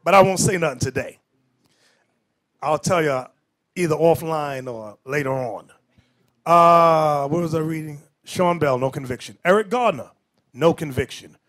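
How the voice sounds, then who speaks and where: A man preaching as a bishop in an emphatic, animated lecture style with off-the-cuff asides. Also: on the high side, measured pace. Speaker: bishop and teacher.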